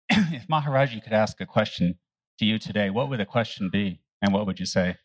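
A man's voice: on the low side, brisk, dry recording. A man in the audience asking a question on a handheld mic, hesitant and full of fillers. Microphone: handheld microphone.

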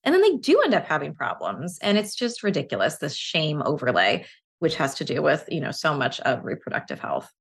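Low, gravelly-voiced woman doctor. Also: wildly swooping pitch, fairly quick. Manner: frank and matter-of-fact. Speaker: OB-GYN podcast guest. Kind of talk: casual conversational chat.

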